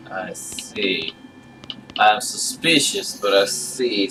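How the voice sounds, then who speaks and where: Bright-voiced man reading a game aloud. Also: mid-range voice, normal speed, recorded from a distance, slight background noise, low-quality recording. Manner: wry, bemused asides, some stammering. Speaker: gamer playing through a game.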